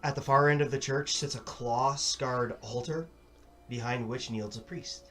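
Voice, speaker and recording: A man's voice: mid-range voice, steady tone, measured pace, fairly bright tone, far from the mic. Male dungeon master, dramatic descriptive narration, light music underneath. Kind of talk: narrating a tabletop game.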